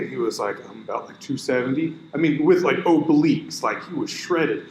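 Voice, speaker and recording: A man co-hosting a casual podcast, telling an animated story and quoting his buddy. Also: a little high, normal speed. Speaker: podcast co-host. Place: gym room. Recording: echoey room with faint noise.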